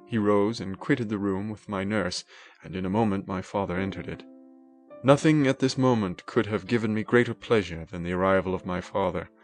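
A man's voice: lowish voice, brisk, soft background music. A man narrating a classic novel as an audiobook in a dramatic, emotive first-person reading.

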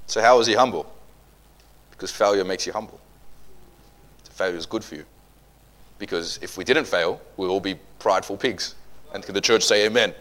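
Delivering a sermon in a lowish voice, this preacher tells funny stories and alternates booming outbursts with quiet asides.

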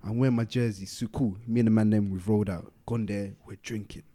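A man's voice: on the low side, a little fast. A young man, telling a long story casually on a podcast, acting out quotes and using street slang. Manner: animated, acts out quotes, London street slang. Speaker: podcast co-host.

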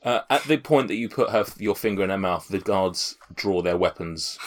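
A man's voice: deep voice, moderate pace, soft background music. A man acting as game master on a tabletop game podcast, laid-back and joking as he narrates.

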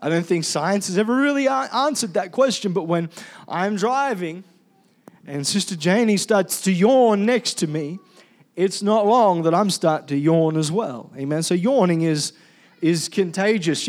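A man preaching a sermon as pastor, animated and calling on the congregation to respond. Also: high voice, normal speed.

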